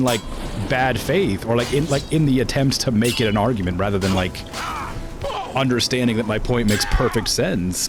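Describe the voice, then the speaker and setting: A man's voice: on the low side, very animated, brisk. Brief: young male streamer, rambling and filler-heavy, noisy stream audio. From Florida. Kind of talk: casual gameplay stream chat.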